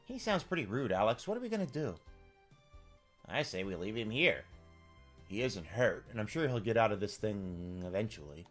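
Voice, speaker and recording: A man's voice: on the low side, very animated, normal speed, a bit bright, soft background music. A man voicing a blunt, impatient young male adventurer with a sarcastic edge.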